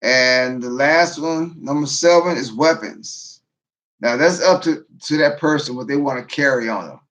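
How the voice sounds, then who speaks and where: A man's voice: a little slow, fairly bright tone. Tired-sounding man on a livestream. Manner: tired, low-energy, repeats and restarts phrases. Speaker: livestream host, veteran prepper. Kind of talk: casual livestream talk.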